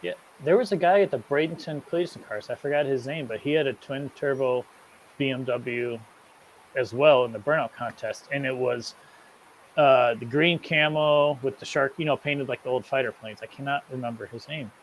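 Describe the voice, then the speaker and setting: Man, mechanic guest, casual chat, easygoing, laughs a lot, mid pitch, faint background noise. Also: moderate pace, low-quality recording. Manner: laughs often, trailing "like" fillers. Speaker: podcast guest, car mechanic.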